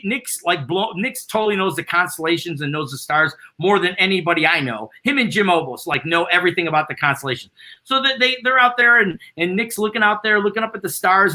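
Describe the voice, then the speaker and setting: Bright-voiced man telling wild stories. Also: high-pitched. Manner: excited, rambling anecdote-teller. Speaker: band founder, interview guest. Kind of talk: casual storytelling.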